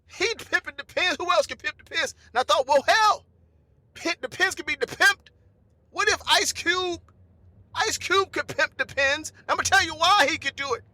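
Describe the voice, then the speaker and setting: High, bright-voiced comic man rambling. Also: normal speed, no echo. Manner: rambling, repeats "listen" and "right?". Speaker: comedy podcast host. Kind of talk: stand-up style comedy monologue.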